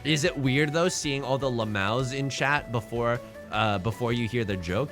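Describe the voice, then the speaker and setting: A young man streaming a mahjong game, joking with his chat and reacting loudly to his hands. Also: mid-range voice, moderate pace, over music. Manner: jokey, animated, talks to chat and reacts loudly to tiles. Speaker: Twitch streamer. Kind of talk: casual live-stream commentary while playing mahjong.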